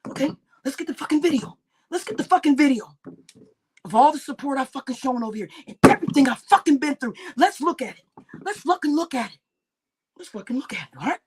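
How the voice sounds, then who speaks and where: Woman streamer, delivering an angry, expletive-laden rant with shouted peaks. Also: high voice, expressive, quick pace, a little hiss or hum. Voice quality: heavy cursing, shouting bursts. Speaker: livestream host.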